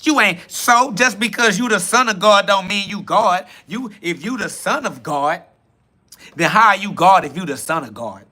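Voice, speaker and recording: A man's voice: high voice, animated, moderate pace, sharp tone, pitched above the performer's own voice, exaggerated voice. A man putting on the voice of a scornful male internet troll who taunts with repetitive jabs. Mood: mocking.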